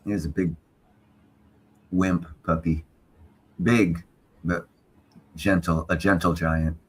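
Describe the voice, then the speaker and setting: A man's voice: deep voice, level tone, takes it slowly, slightly rough. A man chatting on a casual livestream, blunt and opinionated, swearing freely.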